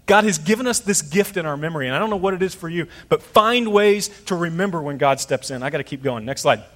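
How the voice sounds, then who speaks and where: A man's voice: on the high side, animated, quick pace, long reverb tail. A middle-aged man preaching a sermon as pastor, conversational and storytelling, acting out voices in his stories.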